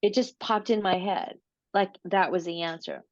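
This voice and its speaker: A woman guest in an interview, telling a personal story in a casual, animated way, often repeating words and acting out what she said. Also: on the low side, moderate pace, no room sound, lo-fi sound. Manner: animated, repeats words, acts out her own quotes.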